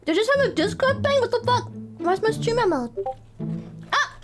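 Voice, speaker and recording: A woman streaming live in a casual chat, excitable and foul-mouthed, giggling often. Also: extremely high pitch, a little fast, soft background music.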